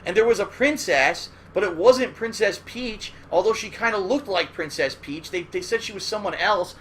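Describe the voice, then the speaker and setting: The host's high-pitched voice moves at normal speed over a little hiss or hum. He gives a casual, rambling retrospective on old cartoons, loose and profane, frequently checking in with "all right?".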